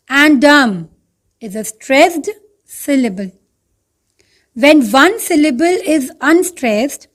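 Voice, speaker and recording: High-voiced Indian English woman teaching. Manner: explains step by step, repeating points; addresses students as children. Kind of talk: online slide lesson.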